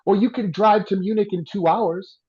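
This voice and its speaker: A man's voice: sits high, normal speed, mellow, breathy edge, lo-fi sound. A man co-hosting a podcast, explaining in an emphatic, casual way. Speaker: podcast co-host, booking agent.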